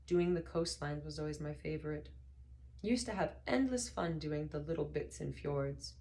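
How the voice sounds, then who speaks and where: A woman's voice: deep voice, expressive. A woman voicing an elderly male planet builder, mild, wistful and vague, in an audiobook reading. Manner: gentle, slow, distracted speech with sudden sternness.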